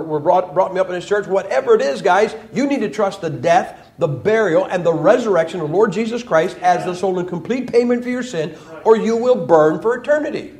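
Male preacher, high-pitched, emphatic folksy sermon delivery with mocking asides. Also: a little mellow. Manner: quotes others in mocking voices. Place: church.

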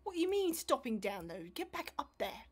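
Brief: high-voiced woman, game streamer, erratic volume, profane and self-mocking. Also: big pitch swings, brisk, slightly rough. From Australia. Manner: loud, swings from mumbling to screaming; swears freely, self-mocking. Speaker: livestreamer. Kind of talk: casual streaming chat.

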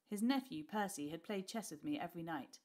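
A woman teacher reading a class novel aloud with expressive storytelling. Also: fairly low pitch, a little fast.

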